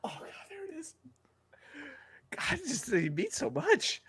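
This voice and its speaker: A sobbing, overjoyed football player, as a man puts him on for laughs, wailing in a voice pushed far above his usual pitch. He cries out loud and bright, his voice breaking and swooping. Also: wildly swooping pitch, moderate pace, gravelly, heavily acted. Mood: tearful. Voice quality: wailing, high-pitched crying voice. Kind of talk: comic impression.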